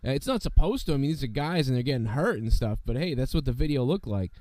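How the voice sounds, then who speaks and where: A man's voice: mid-range voice, big pitch swings, fast, mellow, dry recording. A man hosting a wrestling talk show, rambling in casual chat with many fillers while sick with a worn voice. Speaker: wrestling podcast host.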